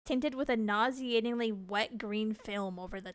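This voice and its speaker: A woman's voice: a little high, moderate pace, clean tone, dry recording. A woman streamer reading a game's text aloud, laughing and reacting with disgust between lines.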